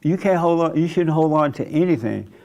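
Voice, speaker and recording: A man's voice: fairly high pitch, lively intonation, fairly quick, vocal fry, darkish tone. A man preaching a sermon in a conversational way, chuckling often and acting out the voices of people he quotes. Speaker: pastor.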